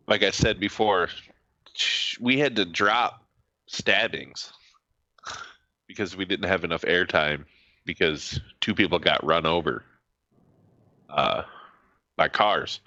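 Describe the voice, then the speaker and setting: Casting note: male co-host, lowish pitch with a tense bright edge, dull lo-fi mic. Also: slow pace, pauses often, no echo. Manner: blunt, opinionated. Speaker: podcast co-host. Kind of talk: casual chat.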